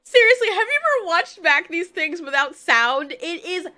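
A woman casually recapping an animated film, blunt and profane, often breaking into laughter. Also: very high voice, moderate pace. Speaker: film reviewer. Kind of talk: casual movie recap commentary.

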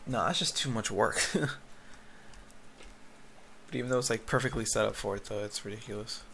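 A man with a gravelly, fry-laden voice talks himself through a Minecraft session, rambling and yawning between tasks. His headset mic picks up clear background noise and the clatter of keyboard typing. It sounds like a home gaming setup. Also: on the low side, normal speed, fairly bright tone. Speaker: gaming YouTuber. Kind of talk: casual Minecraft commentary. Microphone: headphones with a mic. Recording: noisy home recording with keyboard clicks. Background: keyboard typing and clicks.

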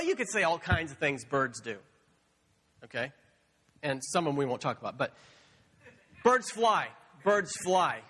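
A man preaching a sermon as pastor, playful and animated, acting out animal sounds in a storytelling way. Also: high voice, husky, big-room sound. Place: church sanctuary.

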